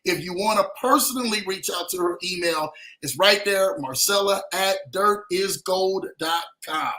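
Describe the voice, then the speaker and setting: A man hosts a livestream show in a hyped, upbeat style, repeating phrases as he calls out viewers by name. His voice is high-pitched, pushed and bright, delivered at a measured pace, with a roomy echo on the recording.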